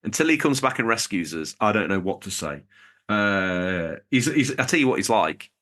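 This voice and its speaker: A man's voice: fairly low pitch, big pitch swings, normal speed, fairly bright tone. A man co-hosting a podcast, chatting in a jokey, rambling way while reading out supporters. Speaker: podcast co-host. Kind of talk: casual podcast chat.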